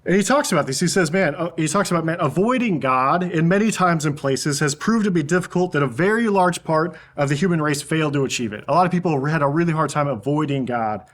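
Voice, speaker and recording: A man's voice: fairly high pitch, animated, quick pace, few pauses, a bit bright. A young adult man preaching a casual youth sermon as a youth pastor, sprinkling his talk with "man" and frequent fillers.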